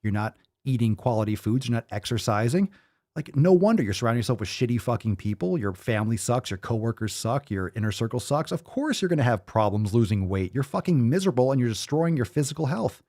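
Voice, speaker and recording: A man's voice: mid-range voice, sing-song, fast talker, mellow. A man hosting a podcast, ranting in a heated, mocking and foul-mouthed way. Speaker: podcast host. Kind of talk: profane fired-up rant.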